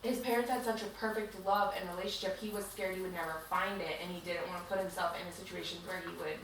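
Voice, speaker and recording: In a fast, fairly even voice on the low side, a woman co-hosting a podcast chats her way through a book recap, rambling and filling it with "like." The room is very echoey, the mic distant, and a faint hiss is audible.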